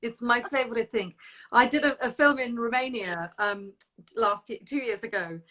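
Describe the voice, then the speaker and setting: A woman's voice: fairly high pitch, moderate pace, sharp tone. A woman hosting a casual interview, enthusiastic and reading out viewer questions. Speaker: interview host.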